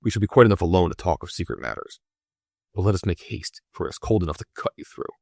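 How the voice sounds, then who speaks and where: A stubborn, excitable old sea captain who barks his words in gruff bursts, as a male narrator puts him on. The voice is deep and the sound is dry and close to the mic. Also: fast, no echo, exaggerated voice. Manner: blustering, gruff exclamations.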